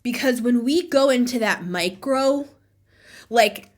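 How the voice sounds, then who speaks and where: Woman doing a tarot reading, slow and kinda high voice, laughs a lot, goes quiet sometimes. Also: expressive. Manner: musing, laughs often, swings from loud to near-whisper. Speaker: tarot reader. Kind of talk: casual spiritual monologue.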